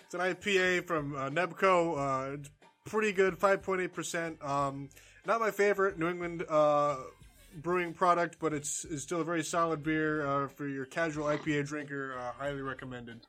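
Bright-voiced rambling podcast co-host man. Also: on the high side, fairly even intonation, normal speed, soft background music. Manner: rambling, laughing, many fillers. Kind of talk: casual chat.

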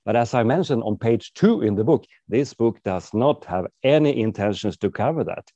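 Swedish-accented male author, chatty and wry, low mellow tone, dull dry sound. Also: animated, normal speed, no room sound. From Sweden. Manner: chatty, wry, laughs often. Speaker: author and guest. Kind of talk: casual interview talk.

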